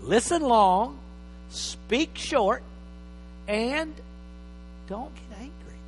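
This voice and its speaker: A man preaching a sermon as pastor, emphatic, swinging from loud bursts to quiet asides. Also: very high-pitched, lively intonation, drawn-out words. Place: church hall. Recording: reverberant hall with faint mains hum.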